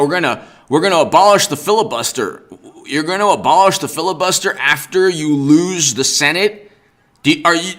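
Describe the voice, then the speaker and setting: A man's voice: a little high, bright, forceful tone. A man hosting a political livestream, ranting with sarcasm and exasperation and greeting viewers in the chat by name. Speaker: political commentary host.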